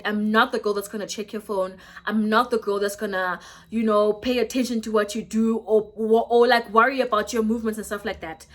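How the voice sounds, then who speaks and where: A young South African woman in her twenties, telling a story in a casual vlog, lively and switching between English and Xhosa. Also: fairly high pitch. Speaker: YouTuber.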